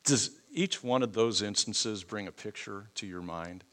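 A middle-aged man preaching a sermon, swelling loud and high to stress points, leading prayer and teaching from the Bible. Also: a little slow. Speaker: pastor.

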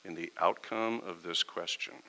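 A man's voice: low-pitched, moderate pace, sharp tone, poor audio. A middle-aged pastor giving a conversational sermon, acting out quoted exchanges with his congregation.

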